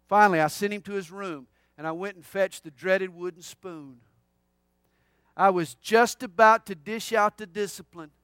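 A middle-aged man delivers a sermon in a notably high voice. The sound is dry and close, with no room around it. He swings between loud declaration and hushed, intimate asides. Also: smooth, no echo. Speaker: pastor.

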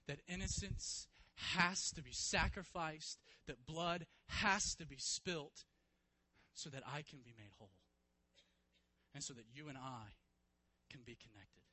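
A man preaching a sermon, retelling a story vividly and swinging from hushed to loud, emphatic passages. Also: fairly high pitch, measured pace, no room sound, poor audio. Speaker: pastor.

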